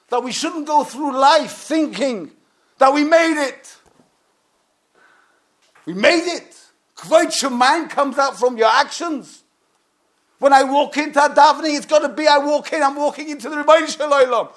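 Brief: man with a very high voice, impassioned sermon. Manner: impassioned, swings from loud to hushed. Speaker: rabbi.

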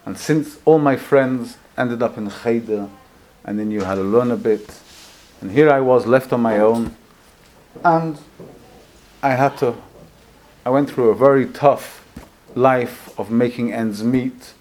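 Guy preaching a story, gets quiet then loud and emotional, normal pitch. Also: measured pace, long pauses. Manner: emotive storyteller, swings between hushed and loud. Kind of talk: storytelling sermon.

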